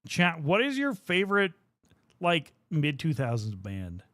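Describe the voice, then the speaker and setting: A man's voice: on the high side, huge pitch swings, measured pace, a bit bright, no room sound, studio quality. A young man chatting casually on a livestream while painting miniatures, rambling and swearing freely as he talks to his viewers. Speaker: streamer.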